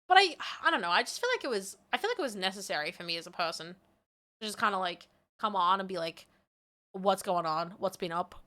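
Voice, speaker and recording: A woman streaming live, her voice bright and clear. She rambles in a candid, self-deprecating way and often laughs at herself. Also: medium pitch, expressive, moderate pace, pauses often. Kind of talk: casual live-stream chat.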